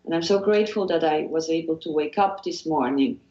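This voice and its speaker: This guest hypnotherapist from Switzerland speaks with a Swiss accent and a fairly low, dark voice, moving at a fairly quick clip. Earnest and encouraging in this motivational interview, she keeps repeating phrases and starting sentences over. The recording sounds muffled and lo-fi in an echoey room.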